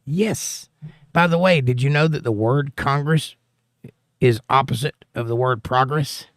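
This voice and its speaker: A man's voice: medium pitch, unhurried, no echo, studio quality. A man with a Southern accent hosting a casual political livestream, reading viewer comments aloud with wry, joking asides. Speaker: livestream host.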